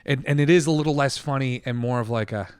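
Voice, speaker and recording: A man in casual podcast talk, loose and profane, rattling through movie scenes he liked and didn't. His voice sits at a middle pitch, and the sound is dry and close with no room around it. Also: clear, resonant tone, no room sound. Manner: loose, swearing, fast retellings of scenes. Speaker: podcast co-host. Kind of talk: casual film review chat.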